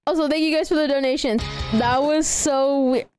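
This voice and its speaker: A young woman in her late teens with a girlish, childlike voice, chatting excitedly and giggling as she streams a game and thanks donors. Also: sits high, moderate pace, over loud music. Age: young adult. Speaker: live streamer. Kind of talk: casual livestream gaming chatter.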